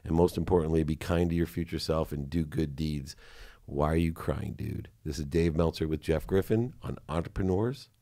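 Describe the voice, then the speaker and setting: Very deep-voiced male podcast host. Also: brisk, few pauses, dark tone, no room sound, studio quality. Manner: effusive, heartfelt praise of guest. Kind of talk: emotional interview sign-off.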